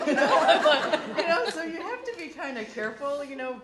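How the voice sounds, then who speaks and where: A woman's voice: high voice, fairly quick, echoey room, a crowd in the background. A woman on a discussion panel, telling work stories and laughing often as she talks. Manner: animated, laughs through her stories. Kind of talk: storytelling on a panel. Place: conference hall.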